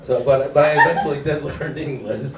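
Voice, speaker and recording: A Mexican man whose first language is Spanish performs an open-mic stand-up set in a small comedy club, chuckling nervously between jokes. His medium-pitched voice moves fairly quickly, captured from a distance in a roomy, very noisy recording with audience laughter in the background.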